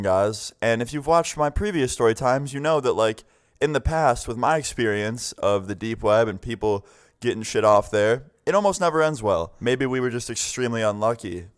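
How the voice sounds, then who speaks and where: Telling his viewers a story, this young vlogger has a smooth, lowish voice; he rambles casually with lots of "like" fillers and performs the voices of the people he quotes.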